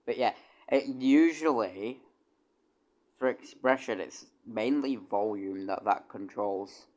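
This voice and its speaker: A man's voice: fairly low pitch, slow pace, darkish tone. Brief: young man, casual streamer, rambling and swearing, many restarts. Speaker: streamer and composer. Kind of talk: casual livestream chat.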